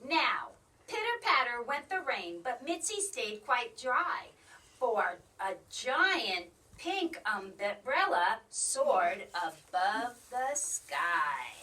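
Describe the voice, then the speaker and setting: A woman reading a rhyming picture book aloud in a sing-song, animated way, in a school library. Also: a little high, extremely slow. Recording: distant mic.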